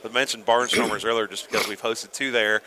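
A man's voice: lowish voice, steady tone, fast talker, pushed and bright, slight background noise, low-quality recording. A man hosting a podcast interview on a convention floor, eagerly prompting his guest and agreeing along. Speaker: podcast host. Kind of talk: casual interview.

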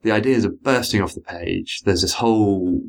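A man's voice: fairly low pitch, moderate pace, gravelly. A man, a book editor, talking enthusiastically in an interview, rambling a little and restarting his sentences. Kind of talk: casual interview.

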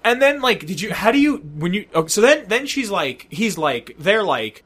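Animated, lively-voiced man podcasting. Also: high voice, normal speed, few pauses, breathy edge. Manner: animated, swearing, laughing storyteller. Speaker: podcast co-host. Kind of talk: casual gaming podcast chat.

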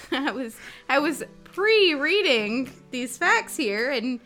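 A woman in her thirties co-hosting a casual morning show, animated and giggly, poking fun at herself. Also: high-pitched, extremely slow, faint music behind. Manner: animated, giggly, self-deprecating. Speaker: co-host.

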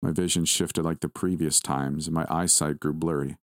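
Man narrating creepy story, real low voice, dry close sound, steady pace. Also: dry recording. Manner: measured, steady reading. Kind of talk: scripted first-person horror narration.

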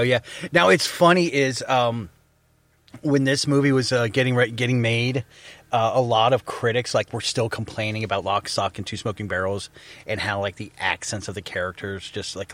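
A man from Florida co-hosting a casual movie review chat, rambling with fillers and quick laughs. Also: medium pitch, a bit bright, no room sound. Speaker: podcast co-host.

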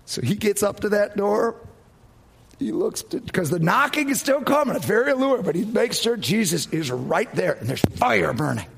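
A male pastor delivering a sermon through dramatic storytelling. His voice sits high and swings widely in pitch. He often sinks to a low, hushed tone for emphasis. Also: sing-song, normal speed, creaky, a little hiss or hum. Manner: dramatic storytelling, dropping to low quiet tones.

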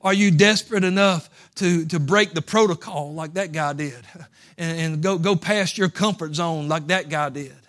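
Folksy preacher, high and bright. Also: male voice, moderate pace. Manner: folksy, swings from quiet asides to impassioned pleading. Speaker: pastor. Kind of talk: sermon.

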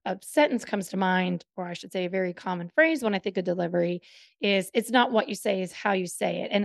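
Calm explaining woman, dry sound. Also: mid-range voice, no room sound. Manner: measured, explanatory, gives tips. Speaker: co-host. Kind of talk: casual chat.

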